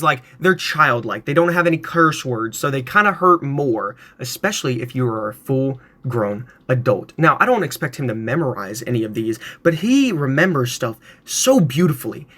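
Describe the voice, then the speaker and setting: A young man in his twenties spins a comic family story straight into his phone, his voice swooping up and down as he goes. The tone is bright and ringing, sitting a little high for a man. He plays every part with theatrical relish. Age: 20s. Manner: playful, theatrical, acts out other people's voices. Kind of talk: animated storytelling to camera.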